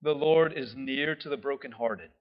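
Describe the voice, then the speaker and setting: Conversational preacher, keeps asking "right?". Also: male voice, medium pitch, normal speed. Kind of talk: sermon. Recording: dull lo-fi sound.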